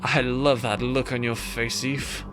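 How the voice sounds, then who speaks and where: A man voicing a scheming older male villain in a visual novel game, with a put-on British accent and a smug, menacing, deliberate delivery. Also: medium pitch, level tone, over music, natural voice. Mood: smug menace.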